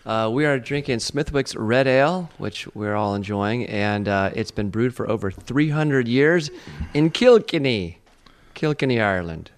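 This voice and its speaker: A man in a mid-range voice presents the beer on a casual podcast. He speaks quickly and in an upbeat way. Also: medium pitch, animated. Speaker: podcast guest choosing the beers.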